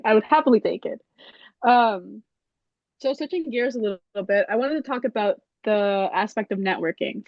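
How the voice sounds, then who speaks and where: A woman's voice: medium pitch, no echo. Chill woman asking questions, lots of ums, kinda muffled dry audio. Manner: relaxed, filler-heavy questions. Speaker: interviewer. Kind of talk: casual interview.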